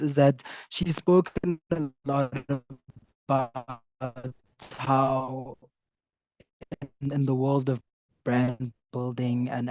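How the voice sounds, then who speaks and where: A man's voice: mid-range voice, warm tone, dry recording. Panelist: hesitant man over a weak video-call line, muffled and dry. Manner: hesitant, halting with fillers. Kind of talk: panel discussion. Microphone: video call with bad connection. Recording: dull, dry lo-fi call audio.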